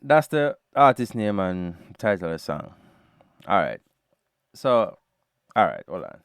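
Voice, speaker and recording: A man with a Jamaican accent hosting a music reaction podcast, giving a casual, animated review and calling the listener brother. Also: lowish voice, smooth, dry recording, studio quality.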